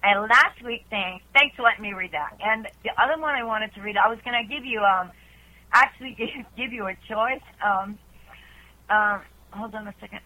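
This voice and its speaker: A woman's voice: medium pitch, normal speed. A woman caller on a call-in show, reading her own poems in an earnest, chatty way. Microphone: telephone. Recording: tinny phone line.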